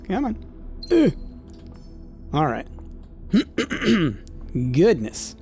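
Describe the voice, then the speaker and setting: A man's voice: a little high, expressive, measured pace, long pauses, darkish tone, faint music behind. A man casually commenting on his gameplay, thinking aloud with lots of fillers and talking to his chat. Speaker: gameplay streamer. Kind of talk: casual let's-play commentary.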